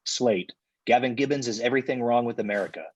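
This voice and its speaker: Husky man reading stage directions. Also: mid-range voice, fast, rough recording. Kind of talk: live comedy table read.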